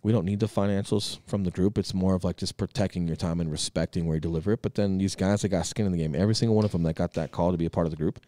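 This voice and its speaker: A man's voice: sits low, steady tone, racing, few pauses, mellow, dry recording. A man in his thirties co-hosting a podcast, talking casually and energetically, swearing freely for emphasis. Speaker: podcast co-host.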